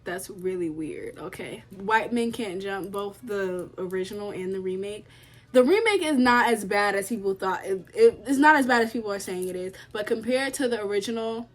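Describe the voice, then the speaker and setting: A woman's voice: mid-range voice, expressive, moderate pace. Chatty young woman vlogger. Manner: chatty, emphatic, repeats herself. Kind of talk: casual chat to camera.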